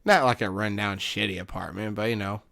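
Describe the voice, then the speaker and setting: Laid-back, low-voiced male player. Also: fairly quick, creaky, sharp tone. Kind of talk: casual tabletop play.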